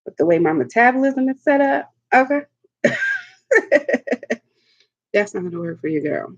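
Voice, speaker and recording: A woman's voice: mid-range voice, expressive, normal speed, pauses often, muffled recording. A young adult woman hosting a live seafood eating show at home, chatting playfully and laughing often, calling viewers honey and darling. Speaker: mukbang host. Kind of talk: live-stream eating chat.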